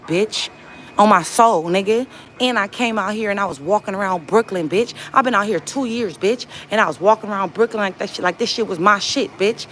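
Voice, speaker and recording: With slight background noise behind her medium-pitched, somewhat bright voice, a livestream host from Los Angeles rants from a laundromat. She trash-talks casually, profane and confrontational.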